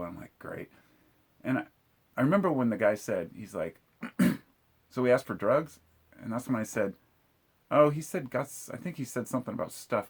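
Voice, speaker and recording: A middle-aged man telling a story in a blunt, profane, casual way, with bursts of shouting when he quotes himself. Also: fairly low pitch. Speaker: vlogger telling a true story.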